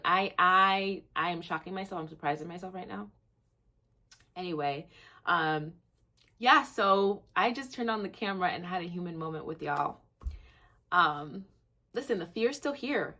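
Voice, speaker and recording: A young woman hosting a gratitude vlog, talking candidly to camera and rambling with lots of "like.". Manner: candid, rambling, heavy use of "like"; laughs at herself, swings between low and excited. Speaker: vlog host.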